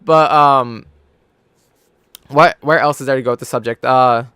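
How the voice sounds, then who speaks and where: Profane, animated young man telling a story. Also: medium pitch, a little slow, clean tone, no room sound, clean studio sound. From California. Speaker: gaming YouTuber. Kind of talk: casual storytelling over gameplay.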